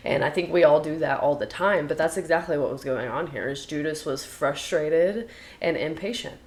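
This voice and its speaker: Low-voiced woman chatting about scripture. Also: moderate pace, darkish tone. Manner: chatty, retells scripture in her own words. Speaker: podcast co-host. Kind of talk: casual Bible study chat.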